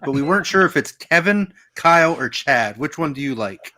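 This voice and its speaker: Man, bright sharp voice, teasing, interrupts, casual podcast banter. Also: on the high side, lively intonation, moderate pace, hardly any pauses. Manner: teasing, cuts in to move things along. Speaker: podcast co-host.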